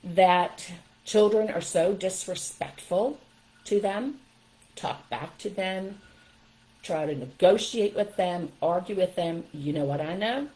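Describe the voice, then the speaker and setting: A woman's voice: fairly low pitch, takes it slowly, mellow, poor audio. An older woman giving firm, emphatic parenting advice straight to her viewers in a casual livestream talk.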